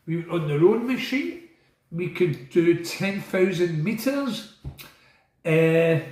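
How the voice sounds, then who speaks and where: Rambling man with a high voice. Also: a little mellow, reverberant, rough recording. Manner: digressive, blunt, swears, asks and answers his own questions. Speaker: former prisoner telling stories. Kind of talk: rambling monologue.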